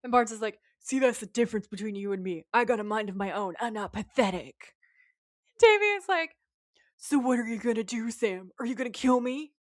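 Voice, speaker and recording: A woman's voice: fairly high pitch, expressive, a little fast, no room sound. Dry-sounding woman recapping a show. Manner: retells scenes while quoting the characters' lines. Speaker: podcast co-host. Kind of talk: casual episode recap chat.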